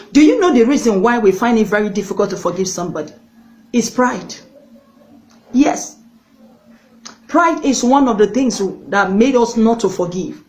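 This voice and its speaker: A woman's voice: a little high, darkish tone, low-quality recording. A woman evangelist preaching a sermon, telling a story and urging viewers directly, repeating words for emphasis. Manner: earnest, directly addresses viewers.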